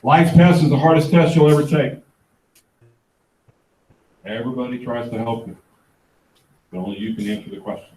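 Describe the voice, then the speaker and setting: A middle-aged man giving a motivational talk at a real estate planning event, an animated storyteller who acts out the dialogue. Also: mid-range voice, normal speed, long pauses. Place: event room. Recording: echoey room, distant mic.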